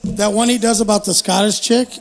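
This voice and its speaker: A man with a high voice co-hosts a casual podcast. His voice has a gravelly edge, and he jokes around in crude, loose banter. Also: steady tone, fairly quick. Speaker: podcast co-host. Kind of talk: casual chat.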